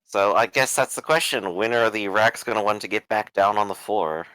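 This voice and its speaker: Bright-voiced man thinking aloud as a player. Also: on the low side, a little fast, clear, resonant tone, no echo, low-quality recording. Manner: thinks aloud, asks practical questions. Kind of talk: casual tabletop game talk.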